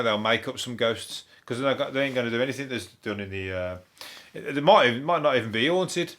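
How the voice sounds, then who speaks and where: A man with a Birmingham accent hosting a comedic news review. He rambles, swears freely, laughs at his own jokes and drops into quick silly impressions. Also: mid-range voice, a bit bright. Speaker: comedian host.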